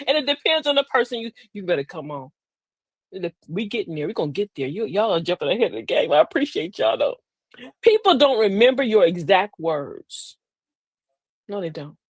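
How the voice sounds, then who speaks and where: Lively, folksy woman hosting a live talk show. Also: medium pitch, moderate pace, no room sound. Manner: folksy and preachy, addresses listeners as beloved, laughs often. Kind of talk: live-stream talk with viewer shout-outs.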